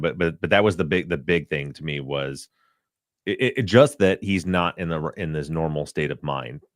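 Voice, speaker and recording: A man hosting a podcast, talking loosely and haltingly, with restarts as he asks his guest questions. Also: extremely low pitch, dry recording, studio quality. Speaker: podcast host. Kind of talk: casual podcast conversation.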